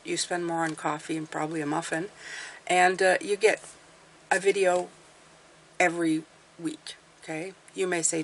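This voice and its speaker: A woman's voice: on the low side, normal speed, pauses often, a little hiss or hum. A woman tarot reader hosting her channel, talking in a casual, rambling, chatty way. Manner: rambling, talkative, self-deprecating.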